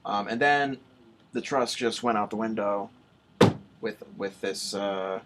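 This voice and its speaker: A man's voice: lowish voice, very noisy. A young man hosting a casual late-night college radio chat, rambling and restarting his sentences often. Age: young adult. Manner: rambling, halting, many restarts.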